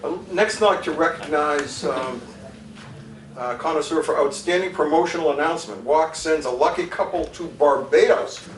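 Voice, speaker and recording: Man, awards emcee, wisecracking, slightly high voice, echoey hall, far from the mic. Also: moderate pace, noisy background. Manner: quips between award announcements. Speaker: awards presenter. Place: banquet hall.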